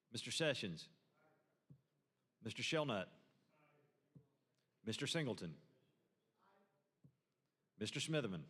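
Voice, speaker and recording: A man serving as senate secretary, calling the roll name by name in a measured, even delivery. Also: medium pitch, breathy edge. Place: large legislative chamber. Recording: long reverb of a large hall.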